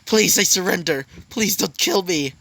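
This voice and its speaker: A man's voice: high voice, normal speed, gravelly, pushed and bright, pitched above the performer's own voice, exaggerated voice. A man voicing a male demon lord who pleads and then sneers in a raised voice. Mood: pleading.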